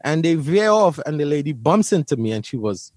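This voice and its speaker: The man's voice is a little high and darkish, brisk, with big pitch swings, captured in a dry recording. He's an interview guest from Brooklyn, New York, recounting a personal story to an interviewer in conversation, vivid and emphatic, often saying words twice.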